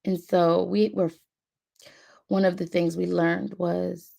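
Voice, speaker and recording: Woman streamer, Philly accent, gravelly, casual chatty host. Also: lowish voice, flat delivery, slow pace, long pauses, dark tone. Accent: Philadelphia. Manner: chatty, talks to viewers in the chat by name. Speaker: YouTube live streamer. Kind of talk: casual live-stream chat.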